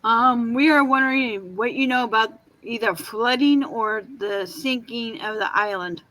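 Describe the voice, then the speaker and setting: A player in a casual tabletop game, talking slowly and stumbling over words now and then. The delivery is relaxed and chatty. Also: medium pitch, poor audio.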